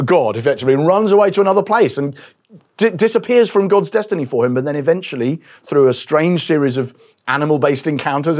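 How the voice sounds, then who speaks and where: A middle-aged male pastor preaching a sermon, telling stories with animated acted-out quotes and sometimes dropping to a quiet voice. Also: on the high side.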